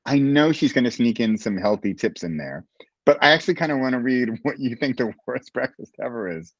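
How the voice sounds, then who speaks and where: A man who is a guest author, telling stories in a casual, animated way with frequent restarts. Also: medium pitch, fairly quick, no echo. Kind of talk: casual interview chat. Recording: dull, dry lo-fi audio.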